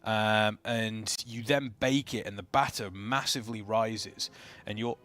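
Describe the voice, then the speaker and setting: An English man casting a live game race, chatty and excitable in his play-by-play. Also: on the low side, unhurried. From England. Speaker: esports caster.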